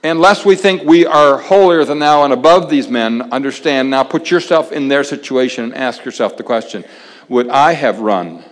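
A man preaching a sermon in a conversational way, pausing dramatically and dropping his voice very low for emphasis. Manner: conversational, dramatic pauses, drops to near-whisper for emphasis. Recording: long reverb of a large hall.

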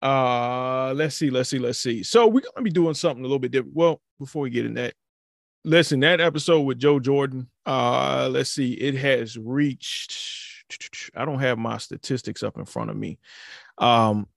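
A man's voice: mid-range voice, moderate pace, vocal fry, dry recording. A young adult man hosting a podcast, chatting loosely and rambling with many fillers on a close mic. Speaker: podcast host. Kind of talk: casual chat.

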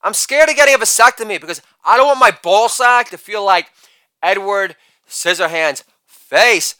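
A man in his forties delivering a rapid-fire joke monologue, brash and crude, with loud shouted catchphrases. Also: sits high, no room sound. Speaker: comedian.

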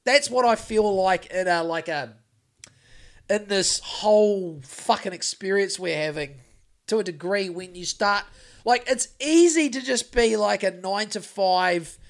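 A man, co-hosting a podcast in casual chat, rambling and swearing with lots of restarts. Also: high voice. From New Zealand. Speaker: podcast co-host.

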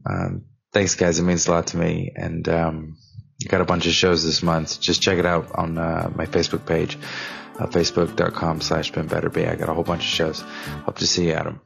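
Gravelly low-voiced man, halting podcast intro. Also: fairly even intonation, faint music behind. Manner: rambling, halting, lots of ums and uhs. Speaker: podcast host.

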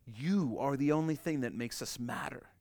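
A man preaching a sermon, swinging from loud emphatic peaks to soft, quiet lines and repeating key phrases for emphasis. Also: mid-range voice, normal speed, dry recording. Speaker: pastor.

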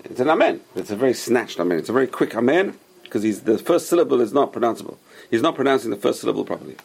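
A man's voice: mid-range voice, animated, rapid-fire, creaky, darkish tone, slightly rough. A man, a rabbi, teaching a class and explaining patiently with many examples and questions.

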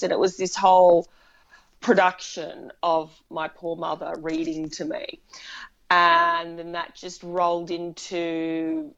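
A woman's voice: fairly low pitch, little pitch movement, slow pace, vocal fry, fairly bright tone, highs cut off. A woman film director, chatting animatedly in an interview and telling stories with laughs. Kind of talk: casual interview conversation.

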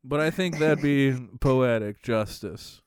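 A young man co-hosting a casual chat, laughing often while telling quick stories. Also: mid-range voice, a little mellow, clean tone, no room sound. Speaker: podcast co-host.

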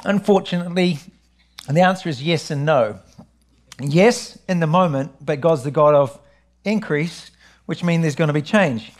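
A middle-aged New man preaching, his voice sitting a little high for a man. He tells his story with lively animation and keeps returning to his message. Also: moderate pace. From New Zealand. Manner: animated storytelling, rising high when excited. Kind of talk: sermon with personal testimony.

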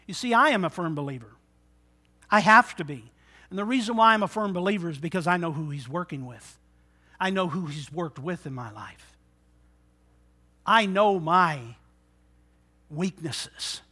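A man preaching a sermon, moving from quiet, intimate talk to loud exhortation and acting out the voices of people in his stories. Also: high-pitched, lively intonation, normal speed, pauses often, breathy edge. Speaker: pastor.

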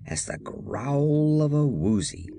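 A proud, touchy storybook beast, as a reader puts him on, boasting in a lively, swooping voice. He speaks slowly and emphatically. Soft music plays faintly underneath. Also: mid-range voice, gravelly, full character voice. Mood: boastful. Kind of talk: audiobook character voice.

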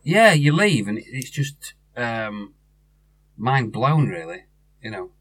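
Chatty man, bright voice. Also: medium pitch, sing-song, slow, slightly rough. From North West England. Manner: rambling anecdote, many restarts, chatty. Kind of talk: casual chat.

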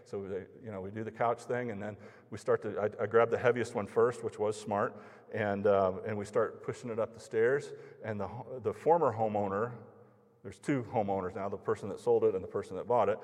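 A man delivers a storytelling sermon built on a personal anecdote, speaking conversationally and acting out the lines of the people in it. His voice is on the low side, steady and darkish, and he moves briskly. A large hall's long reverb surrounds him.

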